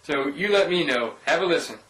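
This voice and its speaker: A man's voice: on the high side, animated, brisk, fairly bright tone, roomy sound, far from the mic, poor audio. Casual man narrating ghost-hunt evidence. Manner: informal, speaks directly to viewers. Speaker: paranormal investigator presenting evidence. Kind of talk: casual voice-over narration of clips.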